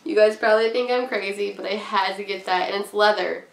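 A young woman with a cold rambles cheerfully through a haul, giggling between thoughts. Her mid-pitched voice has a gravelly edge. The room around her rings with echo. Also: steady tone, a little fast, a little hiss or hum. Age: young adult. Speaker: craft vlogger. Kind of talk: casual haul chat.

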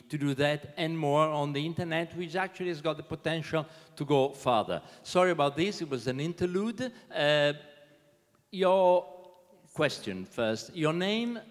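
A man from Italy moderating a conference panel, emphatic and full of rhetorical questions. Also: a little high. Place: large conference hall. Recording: long hall reverb.

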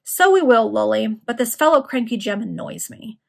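A woman's voice: a little high, lively intonation, normal speed, creaky, a little mellow. A woman voicing a greedy male gang leader and villain in a storybook reading, in her own plain voice.

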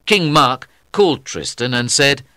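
Man reading a story slowly. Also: medium pitch, animated, pushed and bright, no room sound, clean studio sound. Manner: careful, deliberate reading. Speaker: narrator. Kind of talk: scripted audiobook narration for learners.

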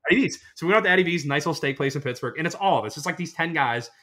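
A young man co-hosting a casual podcast, his voice sitting a little high and sounding notably bright and forceful. He rambles through stories with plenty of "like" and loose, profane asides. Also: expressive, very fast. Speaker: podcast co-host. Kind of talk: casual chat.

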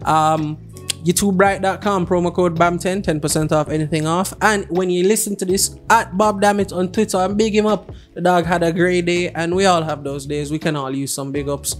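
A man hosting a podcast in casual chat, throwing in wry quick remarks and reading the closing thanks. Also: high voice, steady tone, faint music behind. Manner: wry quick interjections, laughs along. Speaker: podcast host.

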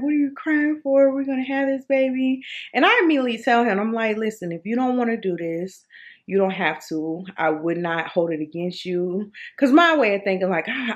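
Speaking to her camera, a woman vlogger in her mid-thirties shares a personal story casually. Her slightly low voice is lively and expressive; she repeats herself often and plugs gaps with "um" and "like."

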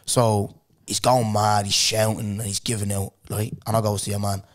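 A man's voice: on the low side, moderate pace. A young man hosting a podcast, telling stories in casual chat and acting out the people in them. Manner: animated, acts out other people's voices while telling stories. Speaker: podcast host.

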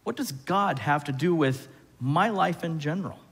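A man preaching a sermon as pastor, animated, often putting questions to the congregation. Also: on the high side, normal speed, slightly rough. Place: church sanctuary. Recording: church hall reverb.

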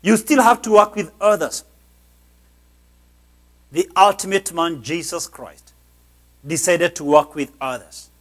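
A man's voice: on the high side, unhurried, long pauses. A man preaching a sermon as a pastor, exhorting his listeners with emphatic, insistent delivery.

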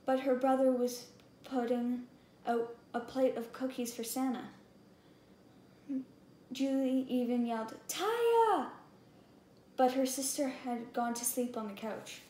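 High woman reading a storybook, slow and expressive, echoey room with faint hum. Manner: expressive and deliberate. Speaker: storybook reader. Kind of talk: reading a picture book aloud.

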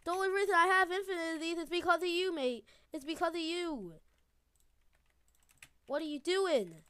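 A woman giving excitable gameplay commentary, laughing often and repeating her phrases. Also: extremely high pitch, normal speed, dry recording. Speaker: gamer.

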